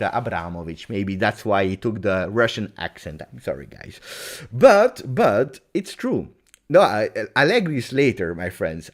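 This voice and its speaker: A man hosting a live football Q&A in a chatty, joking way, often addressing his viewers as friends. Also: medium pitch. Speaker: football channel host. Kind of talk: live Q&A chat.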